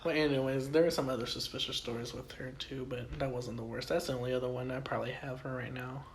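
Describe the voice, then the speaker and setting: Animated swearing man telling stories. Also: mid-range voice, fast talker, a little hiss or hum. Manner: animated storyteller, swears often, laughs a lot. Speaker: podcast co-host. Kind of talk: casual chat.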